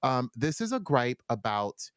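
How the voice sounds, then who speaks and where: A young man co-hosts a podcast in casual, playful chat, drifting into sing-song bits and mock voices. His medium-pitched voice swings widely in pitch at an unhurried pace, with a clean tone and studio-quality sound free of room echo.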